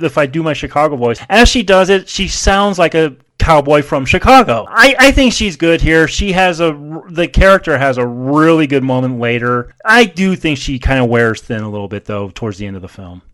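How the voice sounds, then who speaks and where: A man in casual podcast conversation about a film. He is wry and a bit profane, and he slips into quick acted-out quotes while retelling scenes. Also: a little high, expressive, a bit bright. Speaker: podcast co-host.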